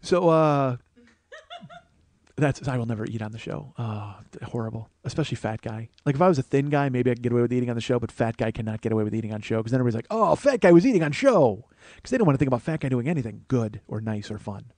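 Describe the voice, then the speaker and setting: A man's voice: medium pitch, rapid-fire, a little mellow, no echo. A man hosting a podcast, telling a rambling, profane comic story that gets more and more worked up. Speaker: podcast host. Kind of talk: comedic storytelling monologue.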